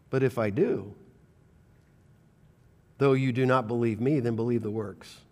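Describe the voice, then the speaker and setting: A man preaching a sermon as pastor, reading scripture and swinging between loud bursts and quiet intensity. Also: medium pitch, in a large hall. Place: church sanctuary.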